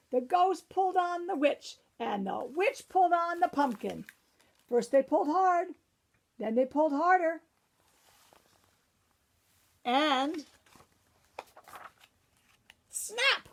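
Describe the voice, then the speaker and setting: A high-pitched woman reads a children's picture book aloud at an unhurried pace, her voice touched with a gravelly fry. She works as a librarian and keeps stopping for chatty asides to her young listeners.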